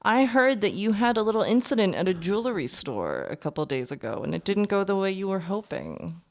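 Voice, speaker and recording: A woman voicing a cruel, smooth-talking noble lady villain in a tabletop role-play, falsely sweet and taunting. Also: mid-range voice, big pitch swings, a little fast. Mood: menacing sweet. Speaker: tabletop game player.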